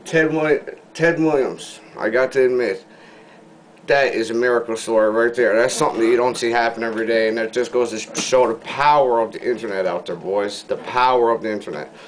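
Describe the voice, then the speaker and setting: A man with a Newfoundland accent ranting casually to camera in a video response, full of slang, rambling, sliding from low mutters into loud excited bursts. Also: brisk, slight background noise. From Newfoundland, Canada. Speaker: vlogger.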